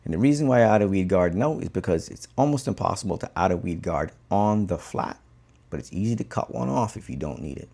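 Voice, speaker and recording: A man from the Cayman Islands, a bonefish guide, telling a fishing story in a relaxed, conversational way while tying a fly. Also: sits low, a little fast, gravelly.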